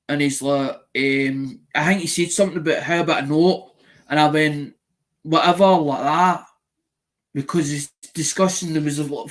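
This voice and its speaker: A man with a slightly higher-than-usual voice hosts a live mail-call stream, chatting straight to his viewers. He tells a winding story in plain, casual talk, restarting his sentences often and acting out what others said to him. He swears now and then without pausing. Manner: retells conversations by quoting them. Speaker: channel host doing a live mail call.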